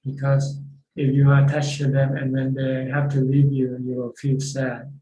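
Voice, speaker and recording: A man teaching as a Buddhist monk, answering questions over a video call in a plain, halting way. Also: medium pitch, completely flat delivery, warm tone, echoey room, a little hiss or hum, low-quality recording. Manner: plain, repeats words while searching for phrasing. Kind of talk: dharma talk answering questions.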